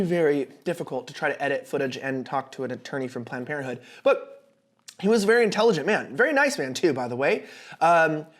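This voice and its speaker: A young man hosting a casual commentary show, talking in an animated, sarcastic way with frequent restarts. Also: sits high. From United States. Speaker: political commentary host.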